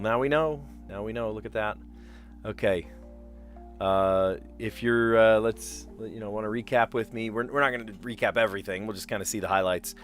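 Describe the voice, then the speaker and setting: Man, lowish voice, casual stream chat, rambling, faint music behind. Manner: chatty, rambling, explains word origins. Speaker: streamer playing word puzzles.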